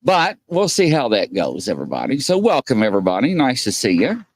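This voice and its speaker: A man's voice: mid-range voice, huge pitch swings, fairly quick, slightly rough, no echo. Rambling, jokey male livestream host. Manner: rambling, jokey, reads chat comments aloud. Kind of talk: casual livestream chat.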